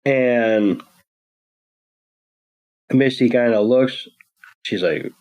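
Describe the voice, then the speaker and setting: Podcast cohost guy, talks slow, mid voice, sarcastic blunt comments while recapping. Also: mid-range voice, fairly even intonation, darkish tone, low-quality recording. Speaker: podcast co-host. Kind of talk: casual episode recap.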